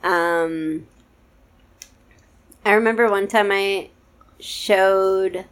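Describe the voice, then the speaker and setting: A woman's voice: mid-range voice, drawn-out words. A young woman hosting a casual chat, telling stories hesitantly with many fillers. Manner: hesitant, filler-heavy storytelling. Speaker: podcast host.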